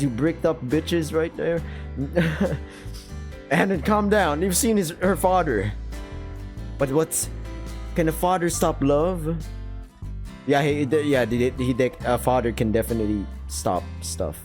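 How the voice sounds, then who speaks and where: A man reading a visual novel aloud and reacting as he plays, excitable, cursing freely and breaking into quick laughing asides. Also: fairly high pitch, soft background music. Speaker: gaming video creator.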